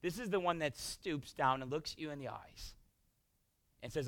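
A male pastor preaching a sermon, emphatic and swinging between loud bursts and hushed passages. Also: fairly high pitch, normal speed, no room sound.

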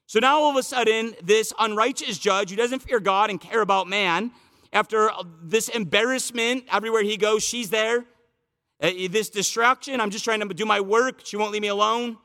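A man preaches a verse-by-verse sermon with a high, bright, ringing voice. He talks through the text in a chatty teaching way, then drives home points with emphatic repetition. His voice trails a long reverb, as in a large hall. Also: moderate pace. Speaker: pastor. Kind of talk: expository sermon.

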